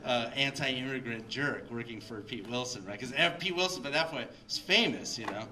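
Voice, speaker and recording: A man's voice: medium pitch, normal speed, a crowd in the background. A middle-aged man from Mexico telling a rambling story to an audience at a library event, full of fillers and laughs. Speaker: guest speaker. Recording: voice picked up from a distance.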